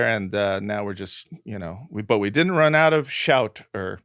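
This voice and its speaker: A man's voice: fairly low pitch, lively intonation, moderate pace, fairly bright tone, dry recording, clean studio sound. A man co-hosting a casual comedy podcast, joking around and rambling with plenty of fillers. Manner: jokey, rambling, lots of fillers. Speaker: podcast co-host.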